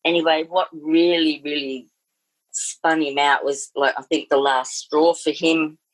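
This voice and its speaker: A woman's voice: deep voice, flat delivery, measured pace, no room sound, poor audio. A middle-aged Australian woman telling a personal ghost story in a rambling, casual way, full of fillers and restarts.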